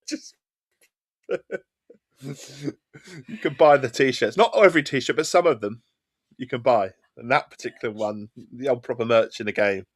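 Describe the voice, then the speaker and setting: A man's voice: mid-range voice, normal speed, pauses often, breathy edge. A middle-aged man with an Essex accent, chatting and rambling casually while streaming a game. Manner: rambling, chatty and self-deprecating. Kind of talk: casual chat while gaming.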